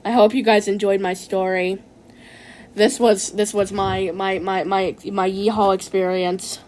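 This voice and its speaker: A woman telling a rambling, silly first-person adventure story, excitable and stumbling over her words. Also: mid-range voice, unhurried, a little hiss or hum. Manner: excitable, restarts and repeats words.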